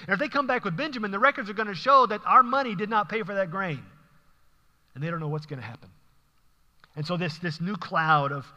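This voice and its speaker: Bright-voiced pastor in a reverberant hall. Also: male voice, on the high side, lo-fi sound. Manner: conversational, emphatic, occasional laughs. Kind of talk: sermon reading and explaining scripture.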